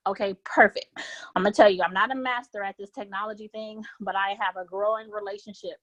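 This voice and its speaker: A woman's voice: medium pitch, fairly even intonation, fast, a bit bright, no room sound, highs cut off. A woman training travel agents, talking informally and cheerfully on a conference call, often checking in with "okay?". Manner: upbeat, chatty, often tags "okay?". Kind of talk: informal presentation on a group call. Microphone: laptop or phone on a conference line.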